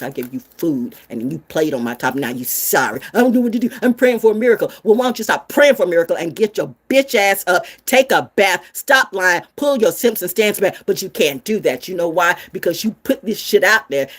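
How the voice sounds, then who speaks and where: A woman's voice: lowish voice, husky. A woman delivering a fiery, profane, sermon-style rant, preachy and full of rhetorical questions. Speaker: spiritual vlogger. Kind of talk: ranting sermon-style monologue.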